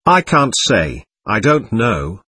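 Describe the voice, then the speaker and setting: A man's voice: fairly low pitch, sing-song, slow, sharp tone, husky, dry recording, heavily acted. A man voicing a passionate, distraught young woman in a storybook reading, with a pleading, overwrought delivery. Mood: heartfelt.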